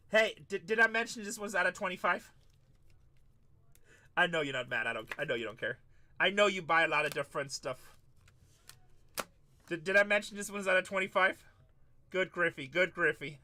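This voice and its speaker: A man's voice: high-pitched, pushed and bright. A man hosting a live-stream card break, calling out each pull and chatting casually with viewers. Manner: hyped, calls out pulls and chats with viewers.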